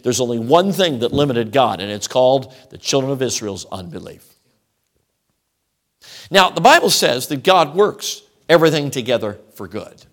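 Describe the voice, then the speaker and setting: A man's voice: medium pitch, a bit bright. A middle-aged man preaching a sermon, emphatic and rhythmic, stacking repeated phrases into lists. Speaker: traveling preacher.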